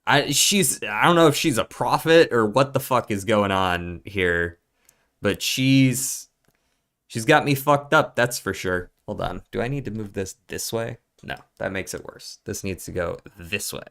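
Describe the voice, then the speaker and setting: A man's voice: medium pitch, measured pace, a bit bright. A man streaming a puzzle game, thinking aloud in a casual, profane mutter as he works through clues.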